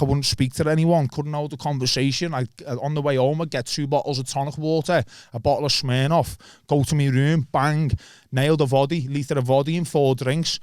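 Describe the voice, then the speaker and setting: A man's voice: fairly high pitch, darkish tone, clear, resonant tone, no room sound, clean studio sound. A man in his thirties from Liverpool with a Liverpool accent, a podcast guest telling his story casually, slangy and swearing freely. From Liverpool, England.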